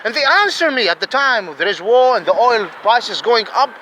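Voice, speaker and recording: A man's voice: high-pitched, animated, moderate pace, bright, forceful tone, slight background noise, rough recording. Heated ranting man. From Saudi Arabia. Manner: heated, profane, repetitive, with emphatic questions. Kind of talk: angry ranting monologue.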